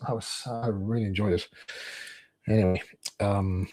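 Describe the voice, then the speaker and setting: A man's voice: on the low side, steady tone, normal speed, a little mellow, no echo. A man streaming, telling a rambling personal anecdote and acting out other people's lines in a raised voice.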